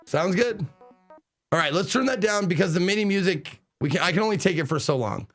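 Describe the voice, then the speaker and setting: A man streaming a game live, chatting excitably, swearing casually and reading the game's text aloud. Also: sits high, fairly quick, soft background music. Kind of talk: live let's play commentary.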